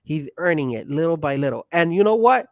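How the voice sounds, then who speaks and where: An excitable man co-hosting a casual podcast, pushing his point hard and getting loud when he gets worked up. His voice sits a bit high for a man. The sound is dry and close, with no room behind it. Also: fairly quick, no room sound, highs cut off. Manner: excitable, pushy, raises voice when hyped. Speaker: co-host. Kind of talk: casual wrestling podcast chat.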